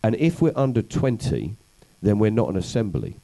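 Male guest, low warm voice, wry anecdotal storyteller. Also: wildly swooping pitch, normal speed, vocal fry, low-quality recording. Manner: anecdotal, wry, self-deprecating. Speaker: comedian and activist guest. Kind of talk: conversational storytelling interview.

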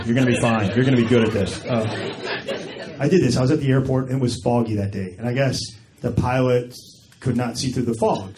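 A man doing a stand-up routine, telling stories to a crowd in a chatty, conversational way. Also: mid-range voice. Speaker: stand-up comedian. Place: comedy stage with live audience. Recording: loud crowd laughter and room noise.

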